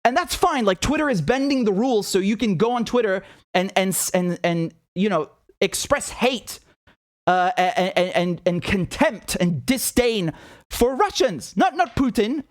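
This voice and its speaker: A man with a fairly high voice delivers a furious, profane rant as host of his own commentary show. He repeats himself and swears heavily. The sound is close and dry, with no room echo. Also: lively intonation, unhurried. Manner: angry, ranting, profane, repetitive. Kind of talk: impassioned monologue.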